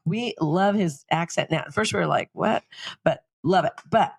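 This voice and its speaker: A middle-aged woman co-hosting a podcast, telling stories in a lively, chatty way and laughing often. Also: lowish voice, normal speed, creaky, breathy edge, dry recording. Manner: animated storytelling, laughs often. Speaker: podcast co-host. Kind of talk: casual chat.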